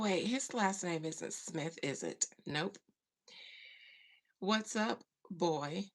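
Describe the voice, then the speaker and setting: A woman hosting a casual spiritual livestream, greeting viewers by name and sometimes dropping into a soft whisper. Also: lowish voice. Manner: slow, drawling, breaks into soft whispers. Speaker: livestream host and spiritual medium.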